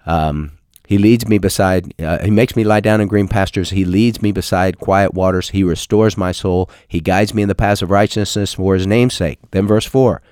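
An older man hosting a call-in radio program as pastor, talking about family and teaching scripture in a folksy, halting way. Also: sits low, steady tone, a little mellow, clear, resonant tone, no room sound, clean studio sound. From Texas. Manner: folksy, halting with many uh fillers.

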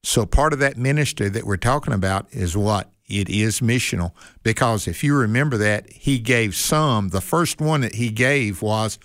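Male co-host, lowish voice, folksy and conversational, dry studio sound. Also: moderate pace, hardly any pauses, fairly bright tone, no echo. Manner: folksy, asks rhetorical questions. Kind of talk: conversational Bible discussion.

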